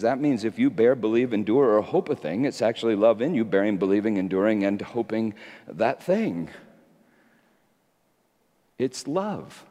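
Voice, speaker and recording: A male preacher giving a sermon, moving from quiet reflection into fervent, rising exhortation, in an echoey hall. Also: sits low, expressive, moderate pace, pauses often.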